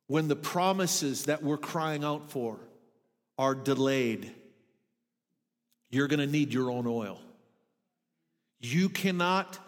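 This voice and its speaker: A man's voice: mid-range voice, long reverb tail. A middle-aged man preaching a sermon in a church, earnest and emphatic. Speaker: pastor. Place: church sanctuary.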